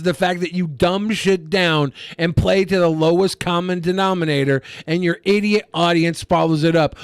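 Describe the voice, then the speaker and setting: A man's voice: high voice, smooth, dry recording. A man co-hosting a podcast, talking in a sarcastic, profane and mocking way. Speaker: podcast co-host. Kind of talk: casual chat.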